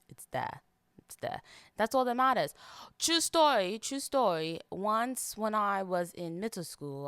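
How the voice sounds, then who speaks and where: A woman's voice: lowish voice, fairly bright tone, clear, resonant tone, no room sound. A young American woman hosting a solo podcast, chatting casually in a put-on British accent and rambling with lots of fillers. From United States. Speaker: podcast host.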